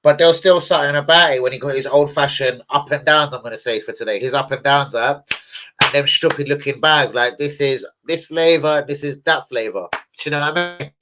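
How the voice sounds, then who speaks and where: A young man, hosting a football fan channel and ranting in casual, heavily sworn, animated commentary. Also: mid-range voice, brisk. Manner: sweary, animated, keeps saying "bruv" and "do you know what I mean".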